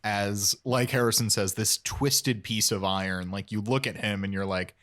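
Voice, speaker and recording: A man with a lowish voice talks through a podcast chat in an easygoing, enthusiastic way. He rambles and piles on fillers as he builds his points. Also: steady tone, moderate pace, fairly bright tone. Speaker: podcast co-host. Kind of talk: casual chat.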